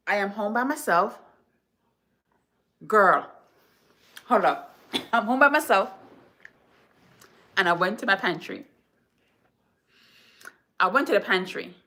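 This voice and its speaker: A woman from Jamaica, a home decor vlogger, telling stories to her viewers in an animated, chatty, dramatic way. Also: mid-range voice. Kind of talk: casual storytelling to viewers.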